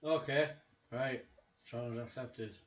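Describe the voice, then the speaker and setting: A man chatting casually off to the side of a live stream, joking and relaxed. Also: mid-range voice, takes it slowly. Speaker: streamer's husband. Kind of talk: casual chat. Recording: echoey room off the main mic.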